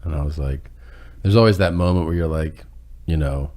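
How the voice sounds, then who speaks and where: A man's voice: very deep voice, normal speed, darkish tone. A man telling a rambling, self-deprecating story in casual chat, acting out what people said and laughing as he goes.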